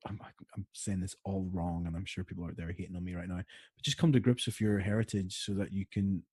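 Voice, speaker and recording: A man's voice: low voice, fairly even intonation, fast, a little mellow, husky, no room sound. A man with a Northern Irish accent, co-hosting a podcast in casual, bantering chat that rambles and dissolves into giggles. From Northern Ireland. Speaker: podcast co-host.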